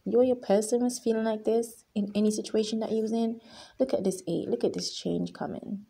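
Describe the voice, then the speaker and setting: A woman leads a pick-a-card tarot reading with a mellow, husky voice that often drops into gravelly fry. She talks earnestly and emotionally, and hammers her points home by repeating them. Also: fairly high pitch, fairly even intonation, brisk. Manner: emphatic and repetitive, often addressing viewers as guys. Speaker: tarot reader.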